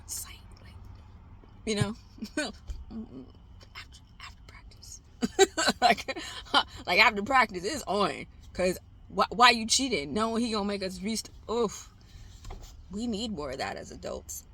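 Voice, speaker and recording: A woman's voice: medium pitch, animated, a little slow, pauses often, bright, forceful tone. A tired woman rambling candidly at home in a casual vlog, swearing and laughing as she talks to herself. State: exhausted. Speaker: trading vlogger. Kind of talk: casual self-talk vlog.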